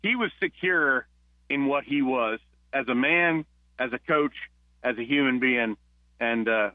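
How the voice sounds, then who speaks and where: A man from New Jersey, a retired police officer, telling stories as a guest on a phone-in radio interview, with halting restarts. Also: medium pitch, no room sound. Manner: warm storyteller, halting restarts. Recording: tinny phone line.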